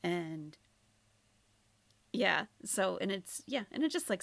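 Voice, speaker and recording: Woman streamer chatting casually, gravelly bright voice, drifts into whispers, dry close mic. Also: mid-range voice, big pitch swings, slow, no echo. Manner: chatty, trailing off, drops into near-whispers. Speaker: commentary streamer reacting to a video. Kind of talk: casual live-stream commentary.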